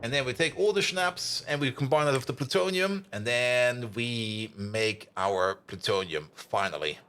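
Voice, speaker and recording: A man's voice: mid-range voice, moderate pace, fairly bright tone, a little hiss or hum. A young man, a native German speaker with a German accent, chatting casually with his viewers while playing a game on a live stream. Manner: chatty, answers chat, hums and laughs while playing.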